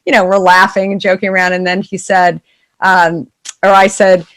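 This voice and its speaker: Animated woman telling a story. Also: lowish voice, normal speed. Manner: animated, acts out quoted voices in stories. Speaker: founder and CEO guest. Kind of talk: casual storytelling interview.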